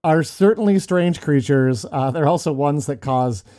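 Middle-aged male podcast host; warm, mellow voice; casual storyteller who restarts lines. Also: fairly high pitch, normal speed. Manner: chatty, storytelling with frequent restarts and laughs. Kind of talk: casual chat.

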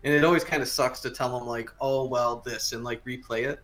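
Relaxed man explaining game rules. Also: medium pitch, quick pace. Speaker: podcast co-host. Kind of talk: casual chat reviewing a game book.

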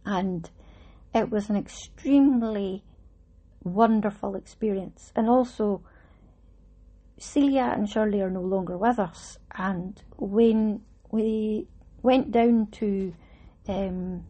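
A woman's voice: medium pitch, takes it slowly, breathy edge. A middle-aged woman, telling a casual story about a shared embroidery project and using Scots words along the way. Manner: chatty, warm reminiscing with Scots words. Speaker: vlogger talking about her embroidery project.

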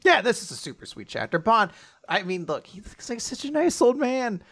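A man's voice: high-pitched, sing-song, moderate pace, fairly bright tone. A man co-hosting a podcast, chatting casually and animatedly with frequent laughs. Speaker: podcast co-host. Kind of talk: casual chat.

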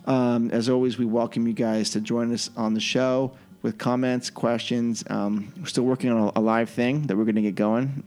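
A man hosts a relaxed podcast in an easygoing, rambling way. His voice sits at an average pitch, with frequent ums and restarts. Faint music plays underneath. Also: normal speed, few pauses. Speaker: podcast host. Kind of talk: casual chat.

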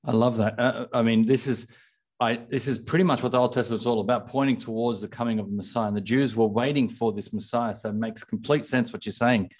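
A man hosting a casual faith conversation, eager but hesitant, pausing and restarting his thoughts. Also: medium pitch, steady tone, a little mellow. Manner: hesitant, many fillers and restarts, enthusiastic. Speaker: host. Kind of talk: casual faith podcast chat.

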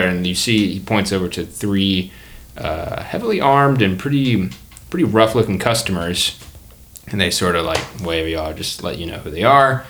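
A man's voice: sits low, lively intonation, normal speed, a bit bright. A man narrating as game master in a tabletop game, casual and rambling.

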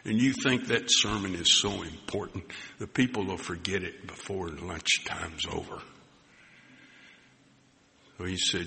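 A man preaching a sermon, telling a personal story, acting out the dialogue and dropping to soft near-whispers at tender moments. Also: low-pitched, fairly even intonation, a little slow, vocal fry, pauses often. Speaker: pastor. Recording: long hall reverb with faint background noise.

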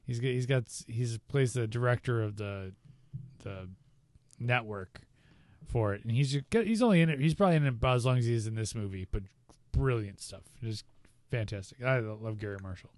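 A man's voice: medium pitch, brisk, no room sound. Man recapping a movie, dry sound. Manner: animated storyteller acting out quotes. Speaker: podcast co-host. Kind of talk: casual movie-recap chat.

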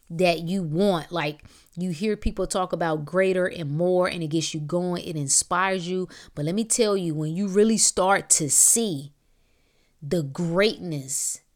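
A woman hosting a podcast, giving an emphatic motivational monologue in casual slang with drawn-out exclamations. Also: on the low side, a bit bright. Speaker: podcast host.

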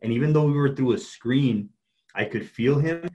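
Earnest man coaching, halting speech. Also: mid-range voice, a little mellow, muffled recording. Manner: earnest, halting, many restarts. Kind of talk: casual conversation.

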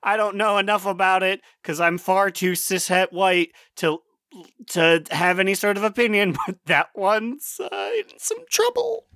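A man co-hosting a casual gaming chat, animated and quick to laugh. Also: high-pitched, no room sound, studio quality. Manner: animated, laughs often, slips into mock voices. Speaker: podcast co-host.

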